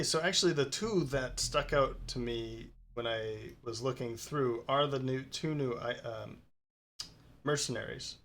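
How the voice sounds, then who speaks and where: A man in a relaxed, thinking-aloud mode, narrating his game decisions in casual commentary and pausing often on ums. His voice sits at an ordinary middle pitch, with faint music playing under it. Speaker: let's play host.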